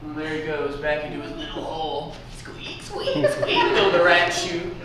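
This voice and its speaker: A woman's voice: deep voice, steady tone, moderate pace, natural voice. A woman playing a bitter young woman who mocks a powerful neighbor sarcastically. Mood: sardonic. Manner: sarcastic, dramatic. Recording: echoey room, distant mic, noisy.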